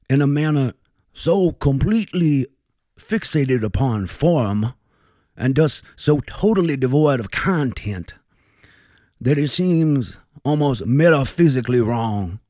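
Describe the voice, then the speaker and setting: A man's voice: medium pitch, a little mellow, no echo, clean studio sound. A man voicing a blustering, vain, foul-mouthed male federal judge, pompous and drawling, swinging from bellowing to mutters. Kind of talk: comic character monologue.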